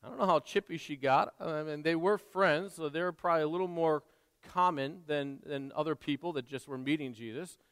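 Brief: an earnest, chatty male pastor with a high, clear voice, preaching in a church with a long hall echo. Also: normal speed, fairly bright tone. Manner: conversational, earnest, with frequent restarts and asides. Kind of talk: sermon. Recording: long reverb in a large hall.

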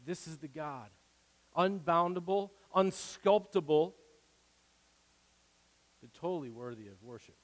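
A man preaching a sermon, excitable, swinging from loud declarations to quiet asides. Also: a little high, a little slow, long pauses. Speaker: pastor. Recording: long hall reverb.

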